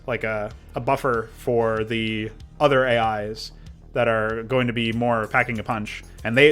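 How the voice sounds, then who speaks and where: A man's voice: medium pitch, a bit bright. A man livestreaming while working on a game mod, talking casually about design and answering chat, with a rambling way of talking full of restarts. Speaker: modding streamer. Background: faint background music.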